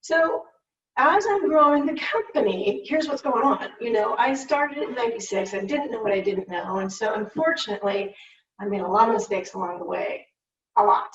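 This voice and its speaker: A woman's voice: a little high, normal speed. Distant, echoey woman telling her story. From United States. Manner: candid, storytelling with acted-out quotes. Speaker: business owner giving a talk. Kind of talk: personal story talk. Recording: muffled, roomy, distant mic.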